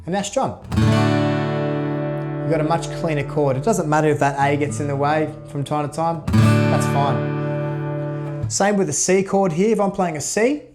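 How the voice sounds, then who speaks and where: Relaxed man teaching guitar. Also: a little high, a little slow, long pauses. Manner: relaxed, demonstrates while playing, counts beats aloud. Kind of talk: casual instructional talk. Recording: loud guitar under voice. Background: guitar playing.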